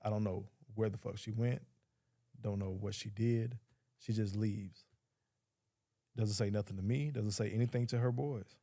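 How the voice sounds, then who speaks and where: A man with a low, gravelly voice sits down as a podcast guest and tells his story. His tone is dark and mellow, and he talks bluntly, swears freely and acts out what other people said. The sound is close and dry. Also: steady tone, moderate pace, pauses often, dry recording. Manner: blunt, profane, quotes others in dialogue. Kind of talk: casual storytelling.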